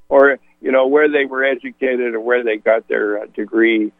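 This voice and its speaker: Male radio host, halting and rambling, with a gravelly voice over a narrow, tinny line. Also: mid-range voice, steady tone, no echo. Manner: rambling, hesitant with many fillers. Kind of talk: conversational radio talk. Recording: dry, phone-like radio audio.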